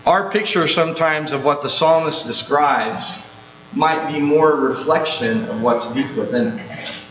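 A male pastor preaching a sermon, slow and emphatic, dwelling on repeated phrases. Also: fairly high pitch, fairly bright tone. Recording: roomy, dull sound with mains hum.

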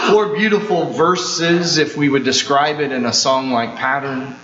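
A male pastor preaching a sermon, slow and emphatic, dwelling on repeated phrases. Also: a little high, a bit bright. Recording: roomy, dull sound with mains hum.

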